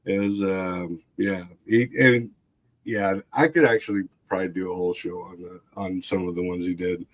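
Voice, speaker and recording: A man's voice: sits low, steady tone, moderate pace. A man casually telling a long story, rambling with fillers, laughing often and acting out other people's voices. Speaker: livestream guest.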